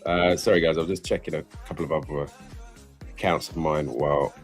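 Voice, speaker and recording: A young man hosting a live trading stream, chatting and rambling casually, with excitable bursts of laughter. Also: rumbling low, a little fast, faint music behind.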